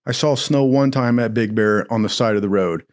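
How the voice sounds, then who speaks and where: This young Southern Californian speaks on the low side at a moderate pace, loosely recounting a wild episode from his life. Profanity comes constantly, and he throws himself into every quote, putting on the voices of everyone involved.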